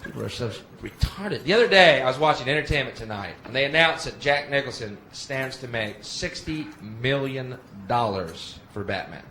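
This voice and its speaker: Brash, profane stand-up comic in echoey club. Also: male voice, mid-range voice, animated, normal speed, hardly any pauses. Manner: brash, profane, acts out voices. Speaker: stand-up comedian. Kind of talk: live stand-up routine. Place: comedy club stage. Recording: echoey live club with loud audience noise.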